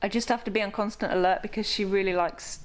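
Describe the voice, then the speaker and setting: A woman's voice: mid-range voice, fairly even intonation, quick pace, slight background noise. A woman vlogging casually as a pet sitter, chatting to the camera and cooing playfully at the pets. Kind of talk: casual vlog chat.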